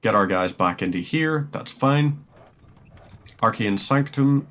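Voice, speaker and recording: A man's voice: medium pitch, animated, takes it slowly, pauses often, fairly bright tone. A man streaming a strategy game, rambling chattily and musing aloud as he plays. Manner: rambling, chatty, muses aloud while playing. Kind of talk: casual gameplay commentary.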